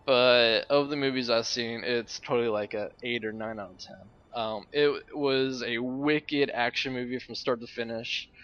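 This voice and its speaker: Brief: young adult man, mid pitch, loose rambling game commentary, dull lo-fi home mic. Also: a bit bright. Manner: rambling, offhand, swears casually. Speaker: gamer and uploader. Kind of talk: rambling casual commentary over gameplay.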